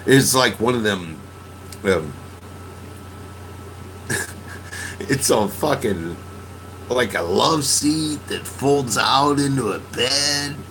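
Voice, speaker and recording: A man's voice: medium pitch, extremely slow, long pauses, a bit bright, a little hiss or hum, poor audio. A man telling a story in a casual podcast monologue, profane and laughing, venting his emotions. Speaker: podcast host.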